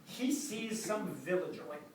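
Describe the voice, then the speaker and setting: A man's voice: high voice, expressive, measured pace. A man telling a comic story live, acting out the people he quotes in funny voices. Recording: distant mic, roomy echo, loud crowd. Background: audience laughter.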